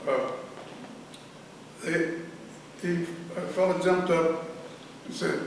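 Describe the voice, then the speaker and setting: An older man telling a story in an oral history interview, halting and rambling with frequent restarts. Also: a little high. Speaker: interviewee, veteran and former prison director. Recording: echoey room, mic at a distance, faint hiss.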